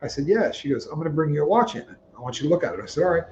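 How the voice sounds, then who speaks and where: A man's voice: fairly high pitch, rapid-fire, muffled recording, a little hiss or hum. A man co-hosting a livestream, telling stories casually and acting out the dialogue in quotes. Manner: animated, acts out dialogue in quotes. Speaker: co-host of a livestream. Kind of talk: casual storytelling chat.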